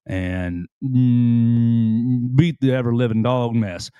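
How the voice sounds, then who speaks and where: A man's voice: medium pitch, moderate pace, a little mellow, no room sound, dull audio, soft background music. A man hosting a casual wrestling talk show, rambling and restarting his sentences playfully. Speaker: host.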